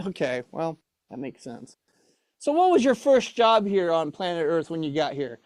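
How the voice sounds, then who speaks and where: A man's voice: fairly high pitch, big pitch swings, normal speed, no echo. Man, ventriloquist comedy act, flustered straight man, dry close sound.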